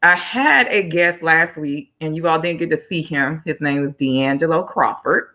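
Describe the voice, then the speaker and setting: A woman's voice: deep voice, normal speed, pushed and bright, lo-fi sound. A woman hosting a live-stream talk show, chatty and upbeat, speaking straight to her viewers.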